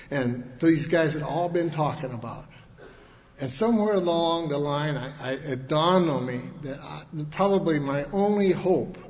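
Folksy man in an echoey hall. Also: fairly high pitch. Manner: folksy, rambling, with many restarts. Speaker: speaker at a recovery meeting. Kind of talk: personal storytelling talk. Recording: echoey hall, dull lo-fi sound, faint hiss.

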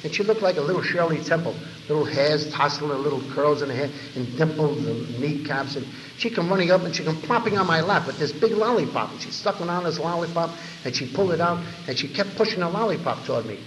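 A man giving his recovery story to a meeting audience, an animated storyteller who acts out the voices he quotes and speaks straight to the listeners. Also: on the high side, fast talker, few pauses. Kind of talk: personal recovery testimony to an audience. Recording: echoey hall, faint background noise.

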